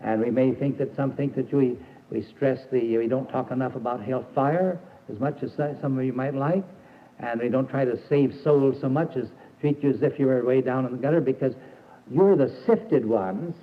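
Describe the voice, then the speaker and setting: A man's voice: mid-range voice, moderate pace. An older man giving a folksy, emphatic sermon to a camp audience, with fillers and restarts. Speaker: preacher and camp founder. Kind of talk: old recorded sermon. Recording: tinny archival tape with faint hiss.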